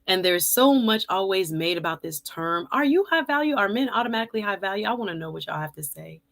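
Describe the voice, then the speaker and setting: A woman's voice: mid-range voice, animated, fast, gravelly, fairly bright tone. A woman hosting a casual live-stream talk show, chatty, laughing often and speaking to her viewers as y'all. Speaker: host.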